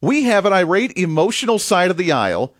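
A man hosting a political opinion show, animated and mocking, laughing often. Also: sits high, fairly quick, no echo, studio quality. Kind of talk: opinion commentary.

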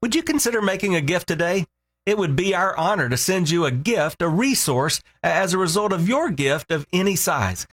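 A man's voice: high-pitched, lively intonation, normal speed, fairly bright tone. A male pastor reading a scripted radio appeal for donations in a friendly, earnest way. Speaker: lead pastor. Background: faint music bed.

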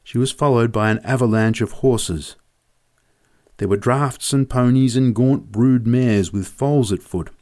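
A man's voice: mid-range voice, measured pace, a little mellow. A man narrating a story in a vivid, descriptive reading.

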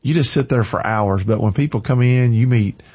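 A man with a Southern American drawl hosts a folksy, rambling radio chat. His voice is a little husky, and the recording sounds dull and lo-fi. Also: medium pitch, normal speed, a little mellow. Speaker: radio host.

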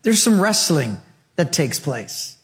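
A male pastor delivers a sermon in a rhythmic, rhetorical cadence. His voice sits high, and he weaves in humorous storytelling. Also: sing-song, takes it slowly, big-room sound.

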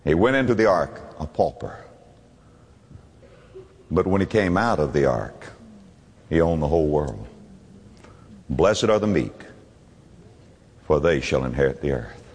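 A man preaching a sermon with impassioned, pleading delivery that swings from loud to hushed. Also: extremely low pitch, big pitch swings, measured pace, pauses often, husky, long reverb tail.

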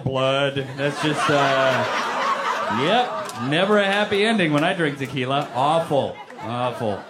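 A male stand-up comedian performing a routine in an animated, mock-indignant way. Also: medium pitch, slow, a loud crowd, heavy background noise.

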